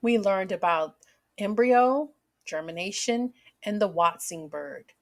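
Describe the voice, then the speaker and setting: A woman teaching a children's phonics lesson, speaking slowly and splitting words clearly into syllables. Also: mid-range voice, animated. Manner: slow, clearly segmented words for kids.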